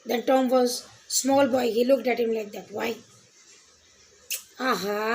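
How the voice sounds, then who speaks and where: A woman with a Bengali accent teaches a literature class in a high voice. She reads a line of the poem aloud and then explains it to her students. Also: normal speed, long pauses.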